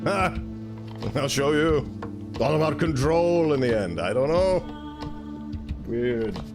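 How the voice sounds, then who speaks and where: A young VTuber streamer chats casually while playing a video game, rambling, mocking himself and giggling. His fairly high-pitched voice is animated but slow, with music in the background.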